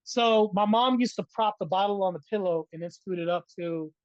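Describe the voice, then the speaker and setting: A middle-aged man recounts his past as an interview guest, animated and conversational, tossing in "right?" after his points. The recording is dry and a little dull, close with no room sound. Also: high voice, fairly quick, smooth, dry recording. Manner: animated, keeps adding "right?". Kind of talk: storytelling in a casual interview.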